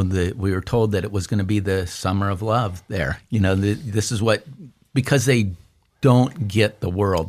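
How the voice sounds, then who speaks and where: Discussing a psalm informally, a pastor keeps restarting and filling gaps, then lifts into animated quotes. His pitch is fairly low.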